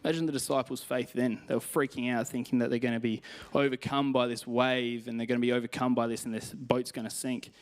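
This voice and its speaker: A man's voice: mid-range voice, little pitch movement, fast talker, few pauses. A young man with an Australian accent preaching a sermon in a chatty, self-deprecating way, telling personal stories and reading scripture. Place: church stage.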